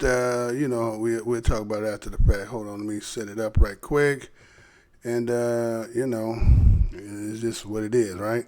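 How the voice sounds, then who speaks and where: Man hosting an online commentary show, mid pitch, easygoing and rambling. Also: fairly bright tone. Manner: rambling, loose, full of fillers and tag questions. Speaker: channel host. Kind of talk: casual news commentary.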